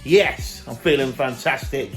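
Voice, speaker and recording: A man's voice: mid-range voice, measured pace, soft background music. A young British man, a fitness coach, chatting casually and energetically through a day-in-the-life vlog, swearing freely as he goes.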